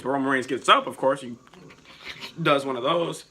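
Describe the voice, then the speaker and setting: A young man vlogging in a casual, excitable and profane way, rambling as he spins made-up storylines. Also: mid-range voice, normal speed, breathy edge. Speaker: wrestling vlogger. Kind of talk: casual chat.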